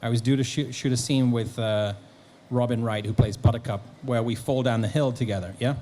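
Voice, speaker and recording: A man, a guest actor and author, telling lively anecdotes at a convention Q&A, acting out bits of dialogue. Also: mid-range voice, fairly quick, a little hiss or hum. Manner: animated storyteller, acting out quotes. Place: convention hall.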